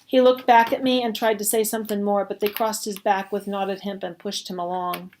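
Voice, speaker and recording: Brief: woman storyteller, mid-pitched, expressive and steady read-aloud. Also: a little fast, slight background noise. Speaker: reader. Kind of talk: reading a story aloud at a service.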